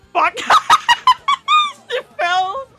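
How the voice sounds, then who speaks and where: A woman streamer reacts live with a very high, bright voice that swoops around a lot. She talks slowly and giggles often between gushing remarks, with faint music behind her.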